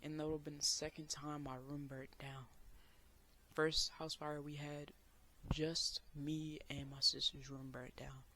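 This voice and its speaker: A young man earnestly telling a personal story as a vlogger, sometimes bursting out loud. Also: on the high side, flat delivery, a little slow. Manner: earnest, emotional retelling with loud outbursts.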